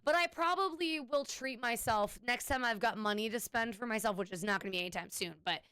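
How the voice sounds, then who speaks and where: A woman's voice: on the high side, a little fast, bright, forceful tone, smooth. A woman streamer chatting casually with her viewers, rambling and swearing now and then. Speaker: Twitch streamer.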